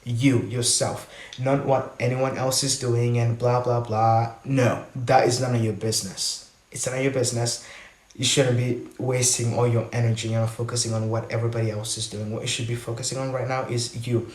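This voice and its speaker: A man hosting a casual solo podcast episode, talking frankly and rambling with lots of fillers. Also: medium pitch. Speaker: podcast host. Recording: echoey room.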